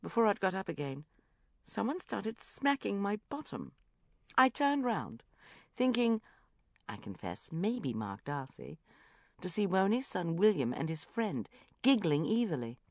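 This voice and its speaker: A woman's voice: mid-range voice, very animated, a little slow, no room sound, studio quality. A woman narrating a comic novel in the first person with a wry storytelling manner. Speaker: audiobook narrator.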